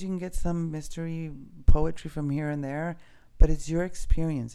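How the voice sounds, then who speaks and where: Soft-spoken man, warm mellow voice. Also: a little high, vocal fry. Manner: soft, earnest, spiritual, casually swearing. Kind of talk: reflective personal monologue.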